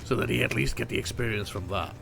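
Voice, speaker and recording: A man's voice: mid-range voice, quick pace, gravelly, a bit bright, faint music behind. A man chatting casually while gaming, wry and teasing with his friends. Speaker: co-player.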